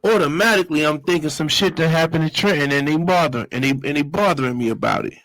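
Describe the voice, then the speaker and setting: This Brooklyn, New York guest talks fast in a voice on the high side, animatedly recounting his life with profane street talk and vocal sound effects. The recording is dry and the audio poor.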